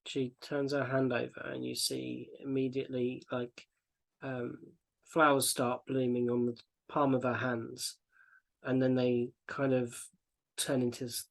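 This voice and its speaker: A man narrating as game master of a tabletop game, describing scenes in a relaxed, rambling way. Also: medium pitch, unhurried, creaky.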